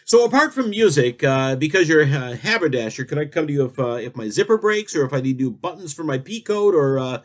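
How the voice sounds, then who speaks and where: A male comedy radio host with a raised, lively voice that swings up and down. He rambles through absurd tangents and silly questions, all delivered deadpan. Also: fairly high pitch, a little fast, hardly any pauses. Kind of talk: spoof talk-show interview.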